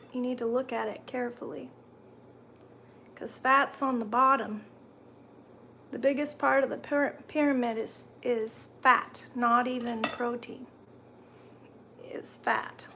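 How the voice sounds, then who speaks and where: A woman's voice: fairly high pitch, fairly bright tone, a little hiss or hum. A woman hosting a casual live stream from home, chatting and answering viewer comments while she eats, sometimes talking through a mouthful. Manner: talks while chewing.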